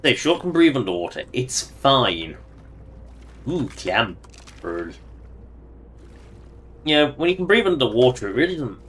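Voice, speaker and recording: A man's voice: mid-range voice, sing-song, unhurried, pauses often, fairly bright tone. A man giving casual, joking commentary while livestreaming a game and talking to its characters. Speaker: streamer.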